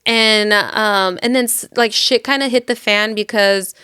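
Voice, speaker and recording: Brief: female book podcast host, rambling chatty delivery, smooth clear tone, dry close sound. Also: fairly high pitch, fairly even intonation, measured pace, pushed and bright, dry recording. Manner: rambling, filler-heavy retelling. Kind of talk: casual chat.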